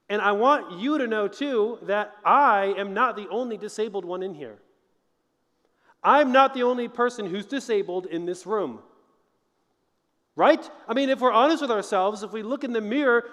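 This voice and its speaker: A man's voice: high-pitched, expressive, moderate pace, pauses often, a bit bright, in a large hall. A man giving an earnest, conversational chapel talk to college students as a motivational speaker.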